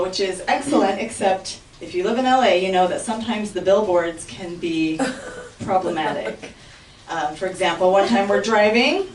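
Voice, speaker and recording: Woman, 30s, comedy student, hesitant, giggly, far from mic, noisy recording. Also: mid-range voice. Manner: hesitant, giggly, lots of ums. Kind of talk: stand-up set rehearsal. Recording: echoey room, far from mic, clear noise.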